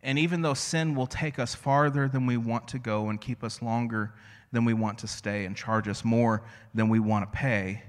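A man preaching a sermon as a pastor, conversational and storytelling, slowing to a hush on key phrases. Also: medium pitch, big-room sound. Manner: conversational, storytelling with self-deprecating asides.

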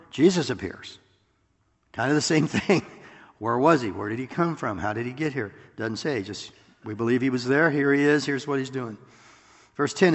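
A man preaching a sermon in an animated way, with chuckling asides and rhetorical questions to the congregation. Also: medium pitch, big-room sound.

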